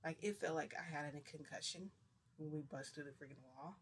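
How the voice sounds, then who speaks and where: An adult vlogger telling a story in casual chat, rambling and excitable with many fillers and restarts. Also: mid-range voice, fairly quick, a little hiss or hum. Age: adult, parent.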